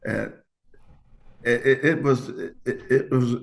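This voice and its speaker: An older man in a relaxed interview, reminiscing haltingly. His voice is gravelly, and he speaks very slowly. He often restarts and repeats his words. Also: medium pitch. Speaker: guest. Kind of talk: casual interview chat.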